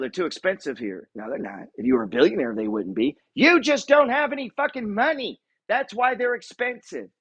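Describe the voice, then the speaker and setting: A man's voice: on the high side, gravelly, a bit bright, breathy edge. A man investor giving a blunt, profane motivational rant about money and real estate. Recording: dull lo-fi recording.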